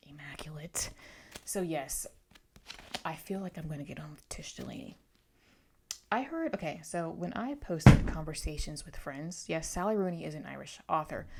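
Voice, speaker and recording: Outspoken woman with a low voice. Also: creaky, darkish tone. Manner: chatty and outspoken, with quick asides. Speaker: book vlogger. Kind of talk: casual book haul vlog.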